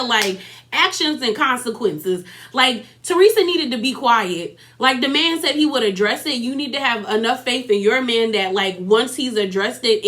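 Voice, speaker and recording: A woman recaps reality TV in a loose, chatty way. Her voice sits a little high, and she laughs easily and keeps dropping mocking asides as she goes. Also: pushed and bright. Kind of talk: casual recap commentary.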